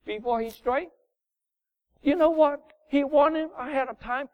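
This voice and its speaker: A man preaching a sermon in non-native English, emphatic, swinging from loud bursts down to low murmurs. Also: unhurried, dry recording. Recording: dull lo-fi sound.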